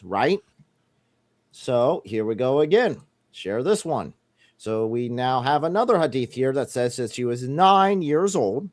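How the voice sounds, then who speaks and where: A man co-hosting a call-in debate, reading quoted passages slowly and deliberately. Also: mid-range voice, dry recording.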